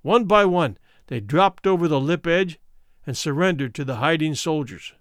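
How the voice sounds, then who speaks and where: A man reads a classic story aloud with dramatic expression, his pitch lively and lifting often. The voice sits a little high. The recording is dry and close, with no room sound. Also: normal speed, no echo. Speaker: audiobook narrator. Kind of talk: scripted story narration.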